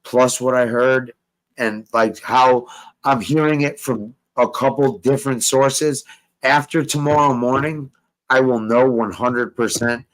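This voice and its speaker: Dude host venting on stream, swears nonstop, keeps repeating himself. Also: male voice, medium pitch, fairly even intonation, unhurried, poor audio. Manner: profane, emphatic, repeats himself. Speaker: show host. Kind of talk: heated casual chat.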